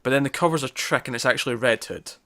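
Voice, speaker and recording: A young man hosts a relaxed podcast chat with a bright, ringing voice. He rambles, repeats himself and mocks his own slips. His pitch is mid-range for a man. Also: fast. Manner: self-mocking, rambling, stumbles over words. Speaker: podcast host. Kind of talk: casual chat.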